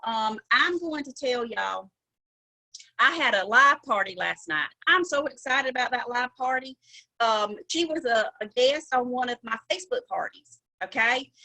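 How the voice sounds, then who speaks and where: Laughing often, a middle-aged woman with a Southern drawl runs a chatty, folksy sales training session on a video call as sales director. The recording is rough, and her high voice has a sharp tone.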